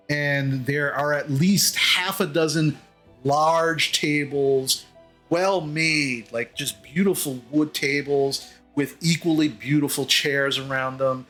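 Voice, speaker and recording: Hesitant game master, faint music. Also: male voice, medium pitch, a bit bright. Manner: hesitant, full of ums and likes. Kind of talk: narrating a tabletop game.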